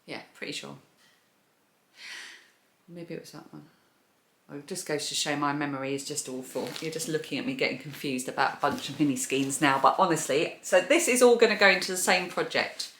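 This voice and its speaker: A woman's voice: deep voice, brisk, fairly bright tone. A woman hosting a crochet and knitting podcast. She chats casually while showing yarn and laughs at her own poor memory. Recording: echoey room.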